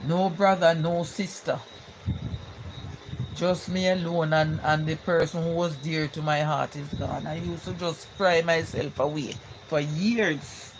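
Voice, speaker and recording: A woman's voice: sits low, fairly even intonation, measured pace. An older woman with a Jamaican accent chats on a live stream, reading out viewer comments and speaking in a heartfelt, repetitive way. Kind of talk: casual live-stream chat. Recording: noticeable background noise.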